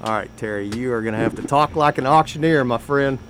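A man moderating a city segment on local radio, friendly and brisk. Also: mid-range voice, noisy background.

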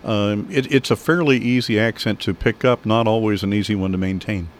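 A man hosting an interview, who talks in a measured, halting way with many fillers and restarts. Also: lowish voice, a little hiss or hum. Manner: measured, hesitant, full of fillers. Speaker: interview host. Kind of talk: conversational interview.

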